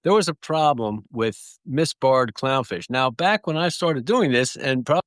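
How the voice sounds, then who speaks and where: A man's voice: medium pitch, lively intonation, a little slow, no echo. A man telling stories in an interview, rambling through anecdotes with small restarts. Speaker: guest clownfish breeder. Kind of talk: relaxed storytelling.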